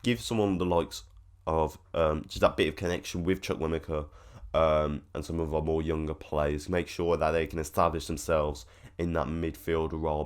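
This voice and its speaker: Deep-voiced football fan talking shop. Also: male voice. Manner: rambling, filler-heavy, opinionated. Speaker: football fan channel host. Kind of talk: casual commentary to camera.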